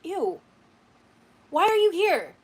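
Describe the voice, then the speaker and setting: A woman's voice: very high-pitched, sing-song, slow. A woman livestreamer talking to her chat late at night, greeting viewers by name and swearing when annoyed.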